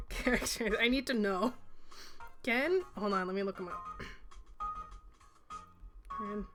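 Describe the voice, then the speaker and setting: A woman's voice: mid-range voice, slow, long pauses, over music. A woman chatting casually and giggling as she live-streams a game.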